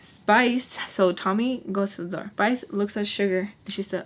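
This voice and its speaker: A woman telling a casual storytime while doing her makeup, chatty and exasperated, often dropping into hushed asides. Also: mid-range voice, moderate pace, few pauses, a little hiss or hum. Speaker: storytime vlogger.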